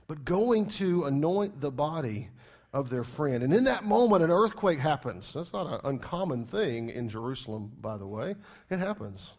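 A man's voice: medium pitch, a little mellow. A man preaching a sermon as pastor, emphatic, repeating key phrases and firing rhetorical questions at the congregation.

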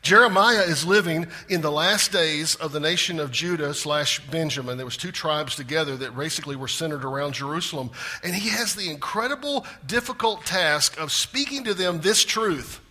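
A man preaching a sermon with big swings in pitch and loudness, sometimes dropping to a hushed voice for emphasis. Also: moderate pace. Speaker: pastor.

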